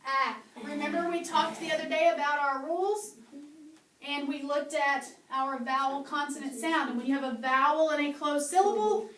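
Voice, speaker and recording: High-voiced woman teaching a class. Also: normal speed, crowd noise. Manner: patient, quizzing with questions and modeling sounds. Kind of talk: classroom phonics and handwriting lesson. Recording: echoey room, mic far off, faint hum.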